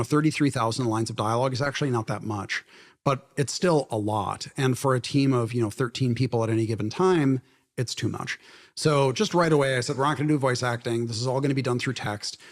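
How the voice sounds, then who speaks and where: A man in a conversational interview at a library event, explaining his creative choices in a relaxed way. He laughs easily as he talks. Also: medium pitch. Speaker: game director, interview guest.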